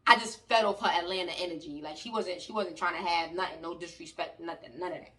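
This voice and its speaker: A woman from New York with a New York accent, telling a story in an animated, loud and slangy way and talking to her viewers. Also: on the low side, fast talker. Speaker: vlogger. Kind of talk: storytime vlog. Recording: voice a bit distant from the mic.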